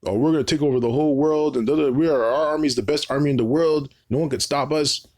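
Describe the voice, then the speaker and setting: A sneering, singsong braggart boasts in a mock voice pitched above the speaker's usual lower register, as a man puts him on. The tone is mocking and puffed up. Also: quick pace, a little mellow, close to an everyday voice.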